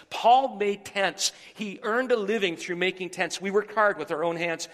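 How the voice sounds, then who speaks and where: A male pastor preaching a sermon in church, telling a story with animated delivery and reading scripture, asking the congregation questions. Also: sits high, moderate pace, few pauses, big-room sound. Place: church sanctuary.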